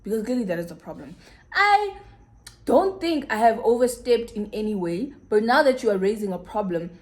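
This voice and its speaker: A young South African woman in her twenties telling a personal story on her vlog, acting out both sides of the conversations and dropping to a low murmur at serious moments. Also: big pitch swings, moderate pace. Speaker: YouTuber.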